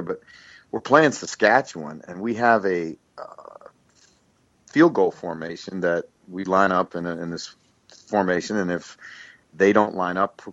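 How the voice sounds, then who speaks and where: A man's voice: low voice, dry recording, lo-fi sound. A man, a former football coach, telling rambling anecdotes in a casual interview, laughing often and restarting his sentences.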